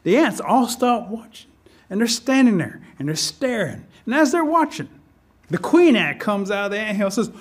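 An animated male storyteller narrates a traditional animal tale with lots of expression. His voice sits fairly high and swings widely in pitch. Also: moderate pace. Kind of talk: oral folk storytelling.

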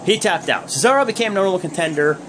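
A man's voice: sits high, lively intonation, fast talker, a bit bright. A young man hosting a wrestling review vlog, recapping casually in a rambling, joking way with lots of fillers. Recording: noisy background hum.

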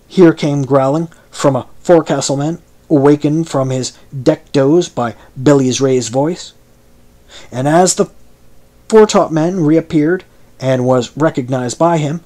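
A man reading a classic novel aloud as an audiobook narrator, in slow, measured scripted narration. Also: on the high side, darkish tone.

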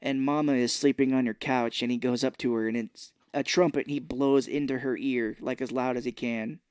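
A podcast co-host talks fairly quickly in a clean, mid-range voice, recorded in an echo-free studio. In easygoing chat he retells a movie's plot with energy, playing out the characters' lines.

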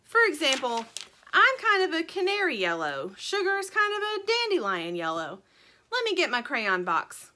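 Woman voicing an eager chatty storybook chicken, high, bright, animated. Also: normal speed, slight background noise, exaggerated voice.

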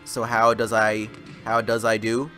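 A young adult host giving jokey, animated commentary over a video game playthrough, often talking back to the game. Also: medium pitch, a little slow, faint music behind. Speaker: let's play host.

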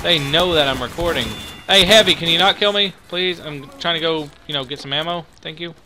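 A young man hosting his own channel, giving excitable, profanity-laden live commentary while playing a game. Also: a little high, a little fast, a little hiss or hum. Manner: excitable, swears a lot, reacts loudly. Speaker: gaming channel host.

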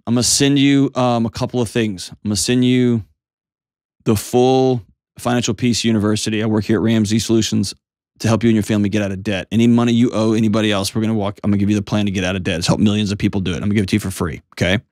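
Guy hosting an advice call-in show, lowish voice, dry close studio sound, talks straight and earnest. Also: little pitch movement, very fast, a little mellow, dry recording. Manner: direct, coaching, earnest. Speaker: host giving advice.

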